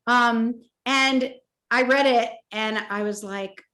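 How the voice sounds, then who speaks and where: A woman in her fifties, an author telling a personal story in an emotional, animated way at a virtual interview event, acting out the voices in her story. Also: fairly high pitch, takes it slowly. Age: 50s. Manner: animated, emotional, acts out quoted dialogue. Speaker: author and toy company co-founder. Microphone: video call.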